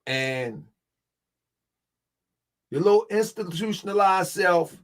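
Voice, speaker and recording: A man's voice: a little high, lively intonation, normal speed, long pauses. A man hosting his channel, reacting to a clip with indignant, mocking commentary to his viewers. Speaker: channel host.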